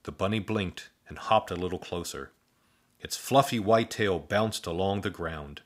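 A man reading a children's storybook aloud as the narrator, expressive and animated. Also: low voice, a little slow.

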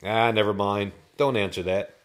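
A man's voice: lowish voice, steady tone, normal speed, lightly acted. A man voicing a good-natured, folksy farmer in a storybook reading, chatty and mildly scolding. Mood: friendly.

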